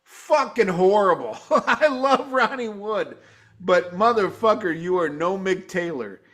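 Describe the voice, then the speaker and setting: A man hosting a casual live review chat, swearing freely and getting excited. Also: sits high, measured pace. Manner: profane, excitable, mimics guitar sounds. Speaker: show host.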